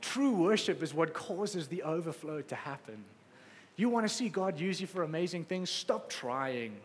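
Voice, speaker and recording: A man preaching a sermon with passion, swinging between loud exclamations and quiet, soft stretches. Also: high voice, animated, normal speed, long reverb tail. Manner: passionate, rising to exclamations then dropping soft.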